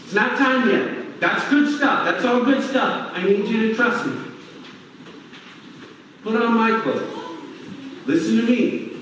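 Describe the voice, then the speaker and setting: A man's voice: very high-pitched, animated, takes it slowly, long pauses, fairly bright tone, a little hiss or hum, full character voice. A man voicing God as a patient, fatherly male figure who coaxes and reassures, in a sermon recorded in a church. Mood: reassuring. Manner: coaxing, calls him "man" and "buddy". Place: church sanctuary. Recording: echoey hall, heard from far off.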